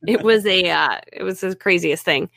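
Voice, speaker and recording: A woman guest telling her own story in a lively way, often acting out what people said to her. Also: fairly low pitch, normal speed, creaky, no room sound, studio quality. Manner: lively, acts out her own and others' remarks. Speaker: guest, author and network marketer. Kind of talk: animated storytelling in conversation.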